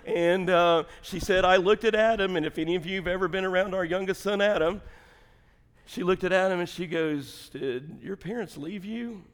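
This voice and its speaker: A man's voice: high voice, fairly even intonation, a little fast, clear, resonant tone, long reverb tail. A middle-aged man, a pastor, telling a humorous family story in a chatty sermon, laughing often. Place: church sanctuary.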